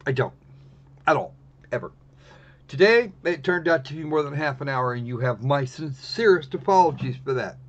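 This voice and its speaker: A man's voice: medium pitch, lively intonation, moderate pace. Wry rambling man, muffled stream audio. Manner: rambling, self-correcting, wry. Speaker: live-stream host. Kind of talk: casual live-stream chat.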